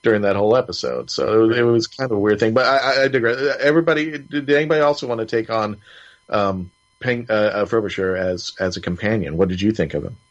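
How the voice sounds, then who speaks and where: A man's voice: on the low side, fast talker. A man hosting a casual review show, rambling with many restarts and fillers. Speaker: podcast host. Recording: slightly dull lo-fi audio.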